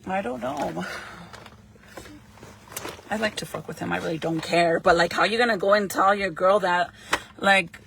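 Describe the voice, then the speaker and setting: A woman's voice: on the low side, moderate pace, gravelly, pauses often, background noise. A young woman chatting casually while doing her makeup, swearing freely and laughing often. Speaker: vlogger.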